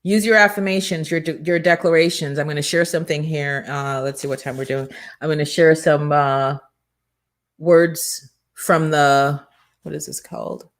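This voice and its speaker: Emphatic low-voiced woman hosting a motivational show. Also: moderate pace. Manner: energetic, preachy, emphatic. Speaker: show host and business coach. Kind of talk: motivational morning show talk. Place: studio.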